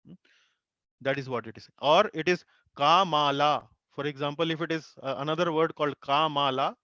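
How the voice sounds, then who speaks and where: A man, a Hindi speaker, teaching an online class, explaining slowly with many fillers and repeated syllables. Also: fairly high pitch, a bit bright, no room sound, muffled recording. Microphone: video call.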